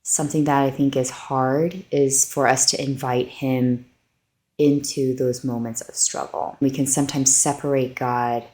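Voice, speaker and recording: A woman's voice: a bass voice, level tone, a little slow, dark tone. A woman co-hosting a faith-based podcast, telling personal stories in an earnest, heartfelt way. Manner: earnest, heartfelt, storytelling with many likes. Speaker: podcast co-host. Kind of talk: faith-based casual chat.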